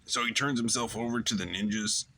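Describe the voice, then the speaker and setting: A man's voice: on the low side, fairly even intonation, fairly quick, pushed and bright. A man hosting his show, giving a loose, rambling recap of a TV episode with plenty of fillers. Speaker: show host.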